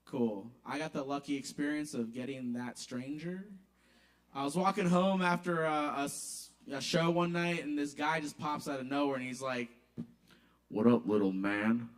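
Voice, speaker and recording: A man's voice: on the high side, fairly even intonation, normal speed. A man doing comic storytelling at an open mic in a small bar, casual and conversational, acting out the people in it. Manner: casual, conversational, acts out voices.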